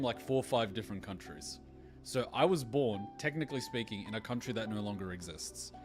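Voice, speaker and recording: A young man streaming a game reaction, chatting casually, rambling through a long story with swearing and laughter. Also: medium pitch. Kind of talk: casual chat over gameplay.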